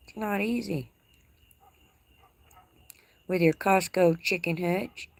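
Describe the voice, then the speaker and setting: Low-voiced folksy Texas woman. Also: fairly even intonation, measured pace, vocal fry, pauses often, no room sound. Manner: folksy, teasing, laughs often. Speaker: livestream host. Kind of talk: casual live chat reading comments. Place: outdoor porch. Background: crickets.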